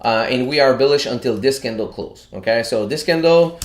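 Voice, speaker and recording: A man's voice: mid-range voice, fairly quick. A man hosting a casual live stream, chatty and full of fillers and restarts, sounding out of breath. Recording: echoey room.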